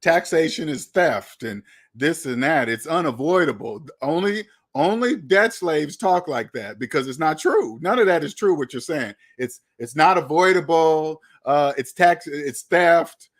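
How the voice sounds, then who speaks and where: A man's voice: fairly high pitch, animated, a little slow. A man giving blunt, lecturing commentary on money and debt, often repeating himself. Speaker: finance commentator. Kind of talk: opinionated video commentary.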